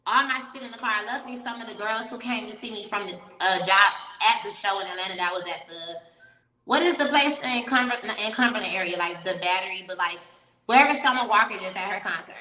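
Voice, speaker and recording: A woman telling a story as an interview guest, animated and profane, laughing often. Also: medium pitch, quick pace, reverberant, long reverb tail, low-quality recording. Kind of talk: casual storytelling.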